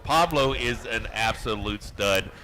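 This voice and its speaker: Energetic bright-voiced male event host. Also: on the low side, measured pace. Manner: energetic, hype-driven, joking. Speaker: arm wrestling event host and commentator. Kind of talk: live event commentary banter.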